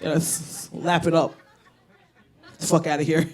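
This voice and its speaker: A woman's voice: low-pitched, little pitch movement, moderate pace, a little mellow, some chatter behind. A woman tells stories through a stand-up set, brash and profane. She works a handheld mic on a small bar stage. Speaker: stand-up comedian. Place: comedy bar stage, indoors.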